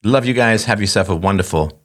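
Very deep-voiced man, wry rambling host. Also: a little fast. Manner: rambling and wry, with self-mocking asides. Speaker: show host. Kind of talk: casual monologue to listeners.

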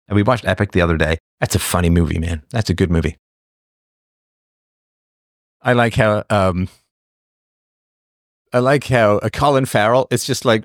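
With a lowish voice, a moderate pace and long pauses, this middle-aged man runs a casual livestream fielding viewer questions. He's chatty, blunt and quick to laugh, often drifting from the subject, and the studio-quality recording has no echo.

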